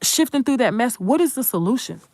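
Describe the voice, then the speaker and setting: A woman's voice: on the high side, sing-song, brisk, a little mellow, no room sound. A woman, hosting an unscripted commentary monologue in a blunt, profane, emphatic way and talking straight to viewers. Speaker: commentary channel host.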